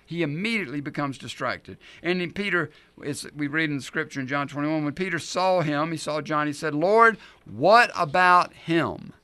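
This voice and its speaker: A middle-aged male pastor preaching a sermon, telling the story in an animated, emphatic way. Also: on the high side, fairly quick, few pauses.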